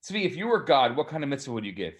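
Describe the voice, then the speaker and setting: A man hosting a casual chat on a video call, wry and quick to correct or quip. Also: medium pitch, big pitch swings.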